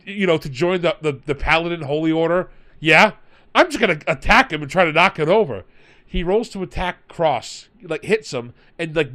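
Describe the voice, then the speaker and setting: Male podcast host, storyteller, animated delivery. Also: on the high side. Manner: animated, retells players in quoted voices. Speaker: podcast host and game master. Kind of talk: storytelling in casual chat.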